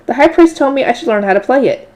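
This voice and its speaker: A woman's voice: sits high, expressive, quick pace, a little mellow. A woman voicing a flustered, hesitant young girl shrine maiden in a light novel read-aloud.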